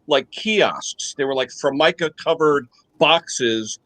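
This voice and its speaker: An older man from the United States telling lively anecdotes in casual chat, often checking in with a quick "okay?". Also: a little high, no room sound, low-quality recording. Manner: animated storyteller, checks in with "okay?" tags. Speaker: guest on live chat.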